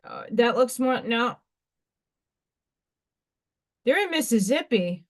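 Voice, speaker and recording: A woman hosting a craft livestream, chatting casually and excitedly while she works and talks to herself. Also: a little high, slow. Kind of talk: casual live-stream chat while crafting.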